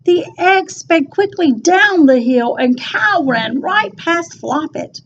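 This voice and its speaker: A woman reading a rhyming children's picture book aloud in an expressive, sing-song storytelling voice. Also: very high voice, takes it slowly, dull audio, slight background noise.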